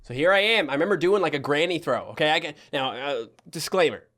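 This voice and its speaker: A man's voice: a little high, fast, fairly bright tone. A young man in his twenties with a Newfoundland accent, telling a childhood story in a casual, joking commentary with the odd swear. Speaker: YouTuber.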